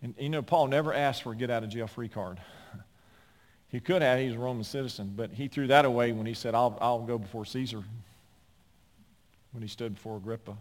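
A man pastor delivers his sermon in an emphatic storytelling way at a middle pitch. His voice rings out with a long hall reverb through a large sanctuary. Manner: emphatic, storytelling preacher with quick asides.

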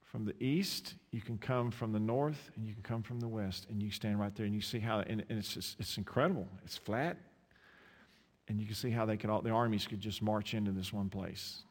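A man with an Eastern North Carolina accent preaching a sermon, impassioned, with repeated restarts and dramatic pauses. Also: on the low side. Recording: long hall reverb.

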